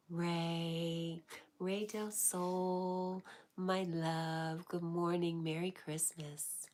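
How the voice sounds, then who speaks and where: A woman hosting a livestream, reading out chat messages and answering them in an affectionate, soft-spoken way that often slips into a whisper. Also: lowish voice, flat delivery, extremely slow, long pauses. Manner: warm, affectionate replies with frequent laughs. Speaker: livestream host.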